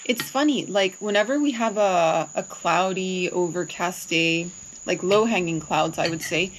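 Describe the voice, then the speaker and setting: A woman's voice: on the low side, a little slow, a little hiss or hum, rough recording. A woman chatting in a cheerful, easygoing way as a travel vlogger, recorded outdoors on an action camera. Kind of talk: casual chat. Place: outdoors in a rural mountain garden.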